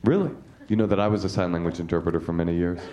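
A man doing stand-up crowd work on a comedy club stage, brash and laughing at his own jokes, throwing in lively voices for the people he quotes. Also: deep voice, very fast, a little hiss or hum.

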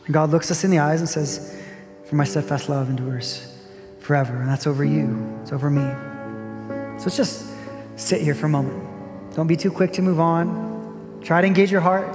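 A man delivers a reflective church sermon, speaking earnestly and returning to the same phrases. His voice sits a little high for a man. The sound rings with a long reverb, and faint music plays underneath. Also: fairly even intonation, a little fast, pauses often. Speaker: pastor. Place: church sanctuary. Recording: long hall reverb with soft music behind.

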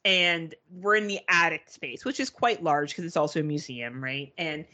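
A woman's voice: sits low, moderate pace, pushed and bright. A woman co-hosting a podcast, telling a story in casual, profane chat and mimicking beeping gadgets. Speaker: podcast co-host.

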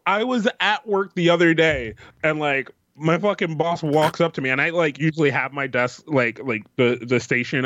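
A man's voice: dry recording, muffled recording. A man co-hosting a podcast in casual chat, talking loosely, saying "bro" a lot and laughing often. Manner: lively, says "bro", bursts into high laughs. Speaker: podcast co-host.

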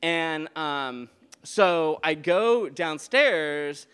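A man telling a true story live on stage at a beer garden show, in a rambling, animated way with many restarts and fillers. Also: a little high, extremely slow, clean tone.

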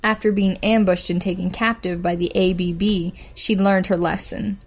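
A woman reading a storybook aloud as narrator, in a steady, measured manner. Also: lowish voice. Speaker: audiobook narrator. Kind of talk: scripted narration.

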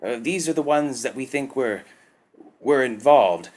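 Cowering alien worker, audiobook, stammering and raised in pitch, performed by a man. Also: expressive, a little slow, a little mellow. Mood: nervous. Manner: stammering, sobbing report.

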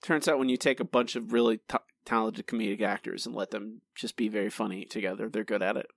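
A man co-hosting a podcast in casual chat, animated and teasing with mock indignation. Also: lowish voice, fast, gravelly, no room sound. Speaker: podcast co-host.

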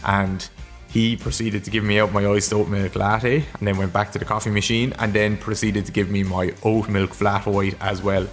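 An Irish man hosts a podcast in a loose, chatty way. His voice sits fairly low, and he rambles, restarts and pokes fun at himself as he goes. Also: level tone, normal speed, soft background music. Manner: rambling, self-deprecating, stumbles over words. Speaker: podcast host. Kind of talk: casual podcast chat.

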